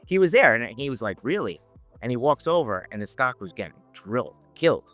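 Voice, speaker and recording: A man telling lively anecdotes in a casual podcast chat, laughing and acting out the people he quotes. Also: mid-range voice, quick pace, soft background music. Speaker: podcast guest, options educator. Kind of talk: casual storytelling.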